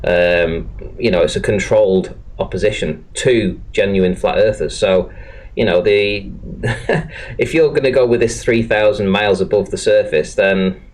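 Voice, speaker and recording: A man's voice: lowish voice, unhurried. A man hosting a live online panel, reading viewer questions and steering the talk. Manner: reads chat questions, moderates. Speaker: panel host.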